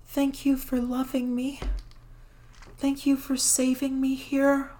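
A young woman voicing a devoted, eager dog-girl pet in a whispered role-play, breathy and pleading. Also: high-pitched, completely flat delivery, slow. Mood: breathless, adoring. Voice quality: breathy, soft and hushed. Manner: pleading, affectionate and clingy. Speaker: voice actor.

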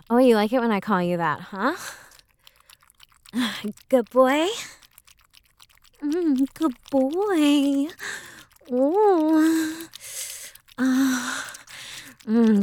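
A young woman playing a teasing, bossy roommate, speaking in a hushed, playful way with frequent soft laughs in an intimate audio role-play. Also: a little high.

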